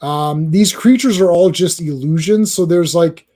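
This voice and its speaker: Chatty guy hosting a comic podcast, high mellow voice, rambles a lot. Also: a little slow. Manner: rambling, hesitant with many fillers. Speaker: podcast host. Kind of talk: casual comic-book chat.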